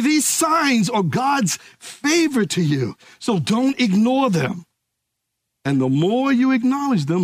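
A man preaching a sermon, emphatic and calling out to his congregation, easing into relaxed stories. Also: high voice, no echo, clean studio sound. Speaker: pastor.

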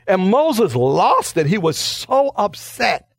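Emphatic pastor, lively and dry. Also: male voice, high voice, slow pace, dry recording. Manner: emphatic, dramatic preacher, acts out quoted lines. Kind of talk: radio sermon.

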